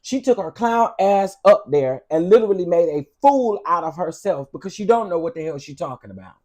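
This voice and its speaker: Male host, high and very lively pitch, sassy profane commentary rant aimed at viewers. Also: a little fast. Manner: sassy, blunt and profane, talking straight to viewers. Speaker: vlog host.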